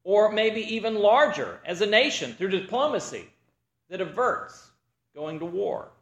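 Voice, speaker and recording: A man preaching a sermon, opening with a joke and acting out its characters in an animated storytelling manner. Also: high-pitched, measured pace, roomy sound.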